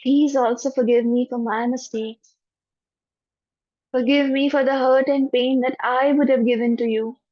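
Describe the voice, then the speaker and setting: Gentle Indian-English woman guiding meditation. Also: sits high, steady tone, dry recording. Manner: gentle, soothing, repeats phrases slowly. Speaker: spiritual teacher. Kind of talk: online class and guided forgiveness meditation. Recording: dull, dry lo-fi audio.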